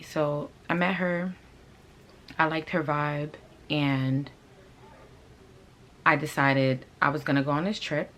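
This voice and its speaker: A woman's voice: low voice, slight background noise. A woman hosts a fashion channel and tells a story-time tale in a laid-back, slangy way, talking straight to her viewers. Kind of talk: casual story-time chat.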